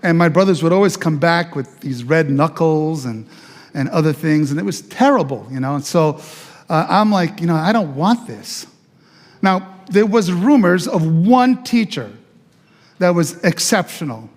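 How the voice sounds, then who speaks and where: A man's voice: on the high side, expressive, moderate pace, in a large hall. A male pastor from Italy telling his life story as a sermon in a chatty, conversational way, with asides to the congregation. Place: church sanctuary.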